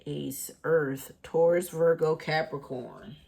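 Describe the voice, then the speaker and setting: A woman's voice: low voice, takes it slowly, vocal fry, a little mellow, breathy edge. A woman doing a casual tarot reading for her channel, chatty and thinking aloud with lots of fillers. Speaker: tarot reader.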